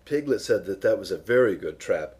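Husky man reading a bedtime story. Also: on the low side, lively intonation, a little fast, a little mellow. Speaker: reader. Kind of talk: reading a children's story aloud.

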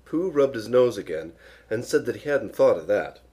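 Husky man reading a bedtime story. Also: medium pitch, very animated, normal speed, warm tone. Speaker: reader. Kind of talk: reading a children's story aloud.

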